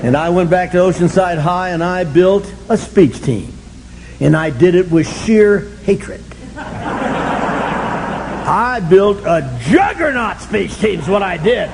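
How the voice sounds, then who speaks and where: An older man tells his story at a recovery meeting in an animated, self-mocking way, breaking into shouts for emphasis. His voice sits high and is gravelly, he speaks slowly, and the audio is poor with slight background noise.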